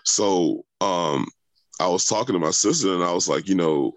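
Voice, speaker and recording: A man's voice: sits low, moderate pace, no echo. A young adult man telling a long personal story in conversation, rambling with many fillers and restarts. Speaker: interviewee.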